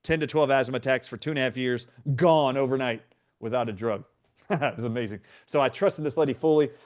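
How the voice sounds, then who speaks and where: Appearing as a guest, a middle-aged man tells a story from his life in an earnest, animated way, taking on the voices of others as he goes. His pitch is an ordinary middle range, and he talks a little fast.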